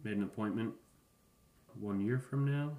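Deadpan man in his thirties, roomy sound. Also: fairly low pitch, measured pace. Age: 30s. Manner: deadpan, rambling with asides and profanity. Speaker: podcast host. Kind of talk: casual comedic monologue.

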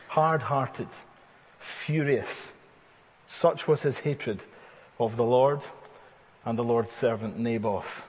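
Preacher, husky, in a reverberant hall. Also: male voice, medium pitch, a little mellow. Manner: vivid storytelling, dramatizing the text with asides. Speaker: pastor. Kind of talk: expository sermon. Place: church hall.

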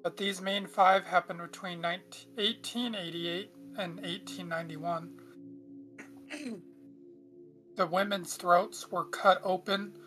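A woman's voice: fairly low pitch, fairly bright tone. A woman casually hosting a true-crime podcast, chatty with frequent asides. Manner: chatty, reads aloud with frequent asides and throat clearing. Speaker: podcast host.

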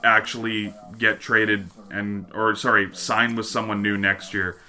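A man co-hosts a loose sports chat show, with a very bright, edgy tone in a fairly low voice. He swears casually and rattles off trade news between jokes. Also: level tone. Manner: profane, offhand, reads news items quickly. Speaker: podcast co-host.

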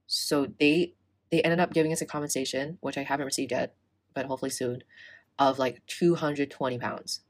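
A young woman in casual chat, telling a story in an animated way, swearing and acting out the people in it. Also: rumbling low, a little fast. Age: young adult. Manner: animated, swearing, acts out quoted exchanges.

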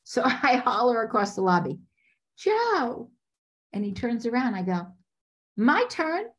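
Woman, casting director, podcast guest, animated storyteller, acts out quotes. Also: medium pitch, a little fast.

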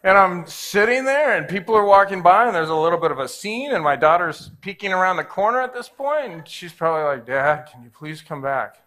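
Male pastor, forties, lively sermon storyteller, high for a man. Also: brisk, hardly any pauses. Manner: animated, acts out every voice in his story.

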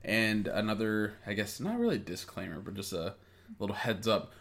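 A man's voice: on the low side, lively intonation, normal speed, gravelly, fairly bright tone. A young man co-hosting a podcast, laid-back and swearing freely, with a slightly stuffy nose from a cold. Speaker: podcast co-host. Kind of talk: casual podcast chat.

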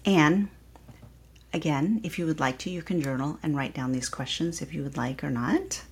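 A woman yoga teacher hosting her podcast, guiding listeners through affirmations and repeating each one slowly and calmly. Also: sits low, breathy edge. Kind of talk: guided reflection and affirmations.

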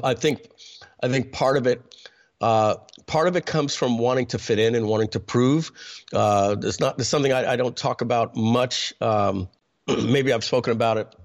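A man, telling a personal story in a conversational way, full of fillers and restarts. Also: lowish voice. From New York. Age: 50s. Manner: conversational, many fillers and restarts, clears throat often.

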